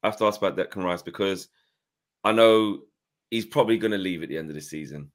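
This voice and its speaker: A man hosting a casual interview, asking long rambling questions and dropping quick affirmations. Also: deep voice. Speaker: host.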